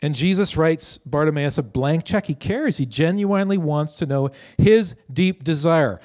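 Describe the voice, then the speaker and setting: Male pastor, casual sermon delivery, slightly higher voice, muffled lo-fi recording. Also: normal speed. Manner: conversational, animated quoting with rising voice. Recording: dull lo-fi sound.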